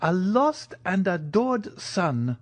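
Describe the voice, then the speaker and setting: A man's voice: very animated, slow, dry recording, heavily acted. Major Cavalcanti, a man voicing a timid, eager old Italian. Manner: high quavering eager voice.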